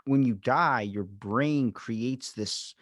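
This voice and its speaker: A man talks in a loose, rambling podcast chat, getting animated as he retells stories and acts out the quotes. His voice sits at an ordinary pitch. The sound is dry and close, with no room behind it. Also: slow, no echo. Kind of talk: casual chat.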